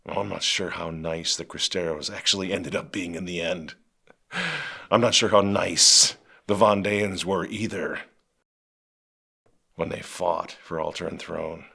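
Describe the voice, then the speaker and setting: A middle-aged man hosting a show, delivering impassioned commentary that swings from quiet intensity to loud outrage. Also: low-pitched, fairly even intonation, measured pace, vocal fry, breathy edge. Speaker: show host.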